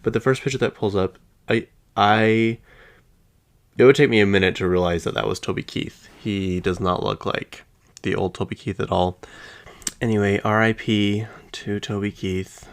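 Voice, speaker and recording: A man's voice: fairly low pitch, fairly even intonation, moderate pace. A male podcast host talking casually and gossipily about celebrity news, rambling and speaking directly to his listeners. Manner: chatty, gossipy, rambling, addresses listeners as "you guys". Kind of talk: casual pop-culture chat.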